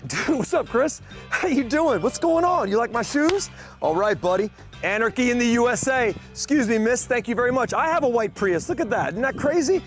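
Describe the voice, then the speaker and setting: A man's voice: very high-pitched, lively intonation, fairly quick. A man hosting a show, greeting people and joking crudely as he walks through a venue, a bit out of breath. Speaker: show host. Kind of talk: casual walk-through vlog. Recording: music playing loud behind.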